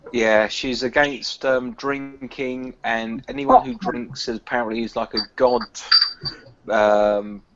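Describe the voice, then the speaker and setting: A man's voice: medium pitch, very animated, slow. A man hosting a casual home-brewing video hangout, rambling and joking with lots of fillers. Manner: jokey, rambling, lots of "like" and "sort of". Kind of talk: casual banter on a group video call. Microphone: video call. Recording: dull lo-fi video call audio with background noise.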